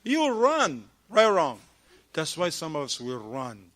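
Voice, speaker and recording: A man giving an animated talk at a mosque, firing rhetorical questions at the audience and acting out short dialogues. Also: fairly high pitch, unhurried, a faint crowd. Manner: acts out little dialogues in shifting voices. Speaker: mosque lecturer. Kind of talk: lively mosque talk on marriage.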